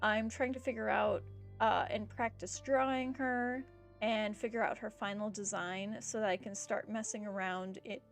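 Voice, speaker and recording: A woman's voice: mid-range voice, steady tone, normal speed, vocal fry, faint music behind. A woman streamer chatting casually as she signs off, rambling with fillers and a bout of hiccups. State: has the hiccups. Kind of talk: casual stream sign-off chat.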